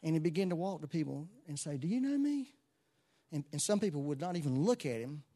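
A man preaching a sermon to a church congregation, moving between soft asides and loud exclamations. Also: a little high, fast. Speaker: pastor.

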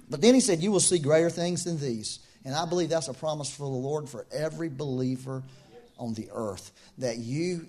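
A man preaching a sermon in a conversational, animated way, with asides and laughs. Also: a little high, husky.

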